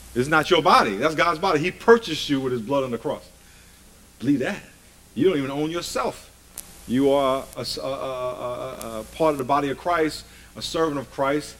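A man's voice: fairly high pitch, fairly bright tone, rough recording. A man preaching a sermon emphatically, often asking the congregation rhetorical questions.

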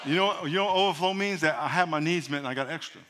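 A high-pitched, bright-toned male pastor preaching with animated humor, drawing the congregation into call-and-response. His voice rings out with a long reverb tail from a large hall. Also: quick pace. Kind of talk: sermon.

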